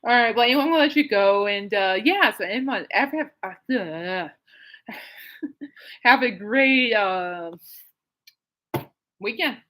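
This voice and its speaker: A woman's voice: mid-range voice, expressive, takes it slowly, long pauses, fairly bright tone, rough recording. A woman hosting her own podcast, rambling casually through a story with frequent laughs and restarts. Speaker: podcast host. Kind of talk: casual solo podcast chat. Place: at home.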